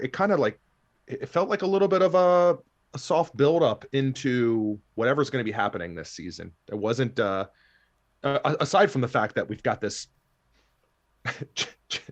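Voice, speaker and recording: A man's voice: mid-range voice, muffled recording. Chatty man reacting to an anime. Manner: chatty, thinks aloud, laughs often. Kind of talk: casual reaction commentary.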